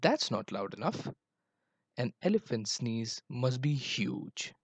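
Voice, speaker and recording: A man voicing a gruff, grunting female wild boar in a children's story, low and quiet. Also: very animated, slow pace, no echo, full character voice.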